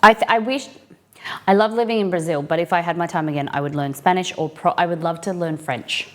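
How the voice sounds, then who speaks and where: A woman's voice: lowish voice, fairly quick. A woman hosting a live cooking stream, chatting casually with viewers and greeting them by name.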